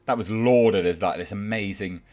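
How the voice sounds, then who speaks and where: A man's voice: lowish voice, normal speed, a little mellow. A man giving a sarcastic, exasperated ranting commentary, mocking what he reads out. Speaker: YouTube film commentator.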